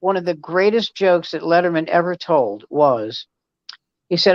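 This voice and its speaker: A man's voice: on the high side, expressive, a little slow, no echo, highs cut off. An older male comedian hosting a casual chat, telling anecdotes and acting out the dialogue. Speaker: host, comedian.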